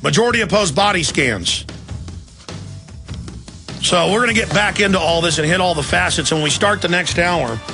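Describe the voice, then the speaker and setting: A man's voice: high voice, over music. A man hosting a talk radio show, delivering an emphatic, indignant monologue. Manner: emphatic, rapid-fire, indignant.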